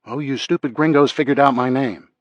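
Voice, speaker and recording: A man's voice: medium pitch, fairly even intonation, brisk, no echo, lo-fi sound, voice pushed up, close to an everyday voice. A man voicing a woman who interprets an interrogation in an audiobook. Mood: translating. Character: woman interpreter relaying threats.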